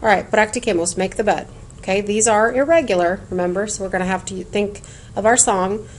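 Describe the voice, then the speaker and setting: A woman teaching Spanish in a recorded lesson, explaining clearly and patiently and chanting word lists in a sing-song rhythm. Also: mid-range voice, a little fast, slight background noise.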